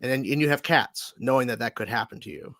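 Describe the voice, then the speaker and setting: A man hosting a casual livestream chat show over a video call, talking in a lively, animated way and laughing often. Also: medium pitch, fast talker, no room sound, studio quality. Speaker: host.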